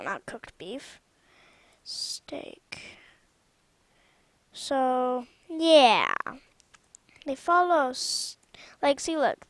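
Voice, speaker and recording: A woman with a high voice talks slowly and loosely through gameplay commentary on a mod she built. She rambles and often stops mid-sentence to correct herself. The sound is dry and close, with no room echo. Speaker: channel host showing her own game mod.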